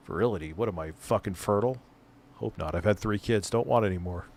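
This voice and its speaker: A man's voice: fairly low pitch, quick pace, darkish tone. Joking, profane man streamer. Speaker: streamer host reacting to a clip. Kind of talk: casual live-stream commentary.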